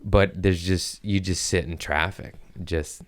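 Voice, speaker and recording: A man's voice: deep voice, fairly even intonation, unhurried, no room sound, studio quality. A man hosting a podcast in casual chat, rambling and jokey, often slipping into silly voices. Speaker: podcast host, comedian.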